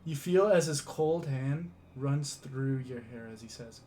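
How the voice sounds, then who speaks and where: A man narrating a tabletop role-playing scene as game master, in a slow, hushed, dramatic way. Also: medium pitch, slight background noise.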